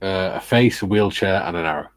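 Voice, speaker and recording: A man with a low voice and close, dry sound hosts a relaxed hobby livestream. He reads viewer comments aloud and jokes with his co-builders as they go. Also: a little fast, no echo. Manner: reads out chat messages, joking. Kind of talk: casual livestream chat while model building.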